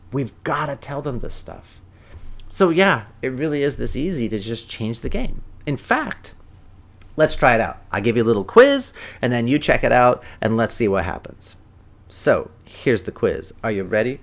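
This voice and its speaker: A man hosts a parenting podcast in a lively coaching voice. He keeps asking the listener questions. He slips into little acted-out scenes. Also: medium pitch. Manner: animated, asks the listener questions.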